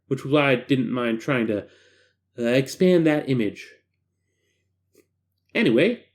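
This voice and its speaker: A man's voice: fairly high pitch, a little mellow. A man hosting a reading of a horror file, mixing narration with chatty, self-deprecating asides. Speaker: host reading stories aloud.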